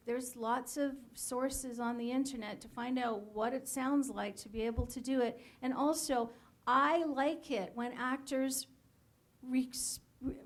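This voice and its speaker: A woman's voice: on the high side, a little mellow. A woman casting director giving blunt, frank advice to actors in a panel talk, laughing now and then.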